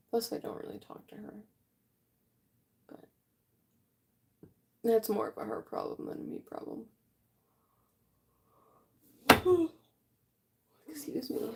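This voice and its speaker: A woman in her late twenties talks slowly and casually to viewers during a painting livestream from her home art room. Her voice is mellow and gravelly, and it rises and falls in a lively way as she answers the chat. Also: medium pitch. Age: late 20s. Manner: relaxed, chatty, yawning often, answers chat. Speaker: livestream artist.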